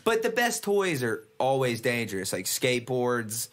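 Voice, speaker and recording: A man co-hosting a podcast in loose, joking conversation. He jumps from one idea to the next in a medium-pitched voice. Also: very animated, normal speed. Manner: joking, bounces between ideas. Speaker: podcast co-host. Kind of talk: casual chat.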